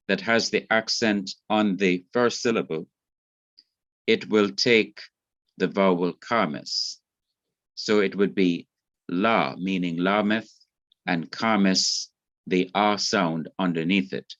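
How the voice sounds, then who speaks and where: A man teaches an online Hebrew class in a slow, careful voice, pausing and restarting as he explains rules. His lowish voice comes through dry and a little dull, as over a video call. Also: fairly bright tone, no room sound.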